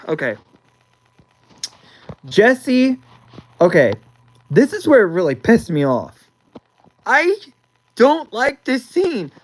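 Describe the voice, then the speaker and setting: A woman's voice: lowish voice, rough recording. A young woman ranting about a movie, exasperated, sighing and repeating words as she talks.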